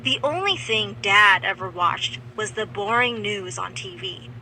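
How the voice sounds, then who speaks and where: Bright-voiced woman narrating as a teen girl. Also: medium pitch, unhurried, a little hiss or hum, exaggerated voice. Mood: determined. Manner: earnest, expressive first-person telling. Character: teen girl dreaming of rock stardom. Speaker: story narrator. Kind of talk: animated story narration.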